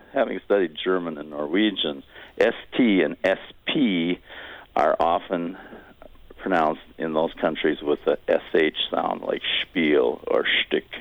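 Very deep-voiced man on a phone line. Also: dry recording. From Wisconsin. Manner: hesitant, thoughtful, with many fillers. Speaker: caller. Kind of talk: call-in radio question.

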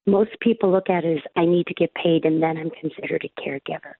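Woman, low-pitched, agency guest, steady explanatory tone, phone-line sound. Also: fast talker, no echo. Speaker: guest, caregiving agency representative. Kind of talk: measured interview answers. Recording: dry tinny phone line.

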